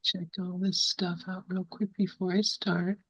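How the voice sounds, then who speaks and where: A woman hosting an online group, speaking gently and reading a poem slowly with long pauses. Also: fairly low pitch, level tone, husky, dry recording. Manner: gentle, measured, pauses often. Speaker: group host. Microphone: video call. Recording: dull dry video call audio.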